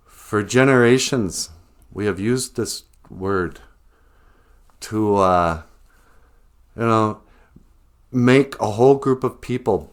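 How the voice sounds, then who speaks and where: Slow, low-voiced deadpan man. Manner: mock-serious, deadpan. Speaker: comedian vlogger. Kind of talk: satirical monologue.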